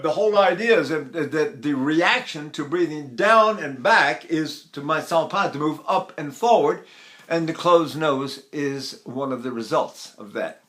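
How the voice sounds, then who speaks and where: Bright-voiced older man teaching singing. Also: a little high, lively intonation, unhurried. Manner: explains in short phrases, then sings syllable exercises. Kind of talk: vocal technique lesson with sung demonstrations.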